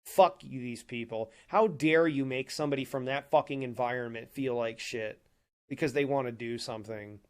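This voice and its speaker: A man's voice: medium pitch, normal speed, clean tone. A man hosting a livestream from his apartment home office, ranting heatedly and swearing constantly into a desk microphone. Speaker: livestream host. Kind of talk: angry livestream rant.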